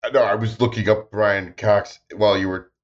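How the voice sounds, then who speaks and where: A man co-hosting a podcast in casual chat, animated and self-deprecating. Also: on the low side, normal speed. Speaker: podcast co-host. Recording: dull lo-fi sound.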